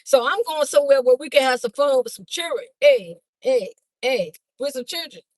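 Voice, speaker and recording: A woman's voice: high voice, lively intonation, moderate pace, dry recording, rough recording. Chatty older woman livestreaming from a car. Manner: chatty, folksy, talks straight to viewers. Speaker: livestream host, Easter basket seller. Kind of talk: casual livestream chat with viewers. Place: in a moving car.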